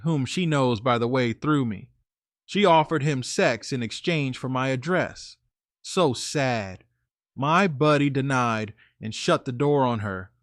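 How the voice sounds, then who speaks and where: A man's voice: medium pitch, no echo, studio quality. A man reading a first-person story in a plain, indignant retelling.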